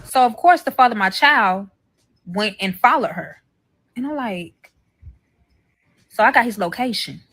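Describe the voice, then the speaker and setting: A woman's voice: fairly high pitch, measured pace, pauses often, a little hiss or hum. A woman telling a profane story-time tale, acting out the quoted lines and swearing freely. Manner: animated, swearing, acts out quoted dialogue. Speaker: storyteller in a played clip.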